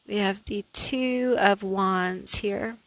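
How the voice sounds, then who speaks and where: Slow-talking woman doing a tarot reading. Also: medium pitch, fairly even intonation, a bit bright, slight background noise, low-quality recording. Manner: slow, thinking aloud, chatty with many "like"s. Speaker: tarot reader. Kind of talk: casual pick-a-card tarot reading.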